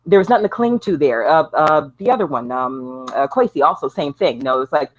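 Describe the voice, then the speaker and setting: Animated woman, dull lo-fi call audio. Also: sits low, fairly quick. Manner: animated, blunt, laughs often. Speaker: show host. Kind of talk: casual online chat show.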